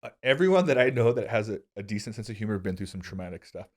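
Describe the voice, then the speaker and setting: A man in his thirties with a fairly low voice, chatting casually on a podcast. He tells stories animatedly, pitching way up when he acts out what he said as a kid. His tone stays loose and self-deprecating, full of fillers. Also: very fast. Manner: animated storyteller, jumps to high excited pitch when quoting himself. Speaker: podcast host. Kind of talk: casual conversational storytelling.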